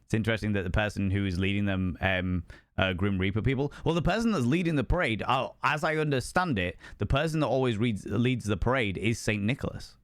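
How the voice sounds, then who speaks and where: A man's voice: on the low side, brisk, no room sound, studio quality. A young man chatting live with his stream viewers in a playful, theatrical way, swinging between musing and flamboyant greetings. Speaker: streamer host. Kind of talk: casual live-stream chat.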